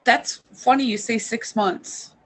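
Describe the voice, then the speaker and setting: Husky-voiced woman co-host. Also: a little high, slow pace. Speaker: podcast co-host and youth group leader. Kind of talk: casual interview chat.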